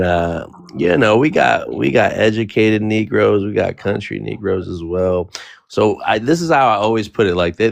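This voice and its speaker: A man's voice: low voice, creaky, no room sound. A man whose first language is Spanish, talking in a rambling, casual way on an online panel discussion and often restarting his sentences. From United States, near the Bay Area. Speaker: panel participant.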